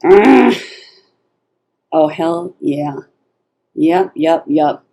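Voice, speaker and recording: A woman giving a casual tarot reading, animated and blunt, swearing freely and laughing often. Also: lowish voice, a little slow. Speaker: tarot reader.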